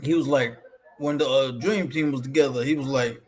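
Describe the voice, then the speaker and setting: A man in a casual sports chat, an animated storyteller who keeps tagging lines with "boy". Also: mid-range voice, moderate pace.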